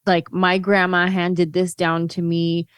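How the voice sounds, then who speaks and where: A woman comedian chatting as a guest on a podcast, telling stories and acting out other people's lines in a lively way. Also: on the low side, slow pace, clean tone, no room sound, studio quality. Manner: lively storyteller who acts out other people. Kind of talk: casual podcast chat.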